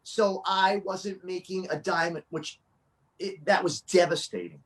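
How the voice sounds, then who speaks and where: A man chatting as a guest, an excitable storyteller who restarts his sentences a lot. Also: sits high, a little slow. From New Jersey. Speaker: guest, children's fitness performer. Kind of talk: casual interview chat.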